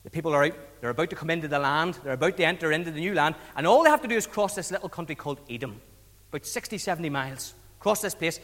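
A preacher with a notably high voice tells a story for children in a lively, colloquial way and keeps putting questions to his listeners. His voice carries a long reverb from a church hall. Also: fast talker.

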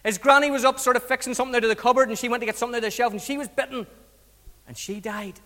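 High-voiced man preaching a storytelling children's talk, reverberant church hall. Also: racing. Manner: lively, colloquial, asks the audience questions.

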